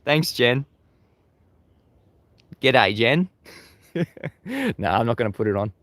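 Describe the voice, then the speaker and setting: A man's voice: medium pitch, lively intonation, normal speed, no echo. A man with an Australian accent hosting a casual livestream. He talks chattily to his viewers, laughs often, and repeats words as he restarts his sentences. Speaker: livestream host. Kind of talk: casual live-stream talk, reading chat. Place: outdoors facing the sea at sunrise.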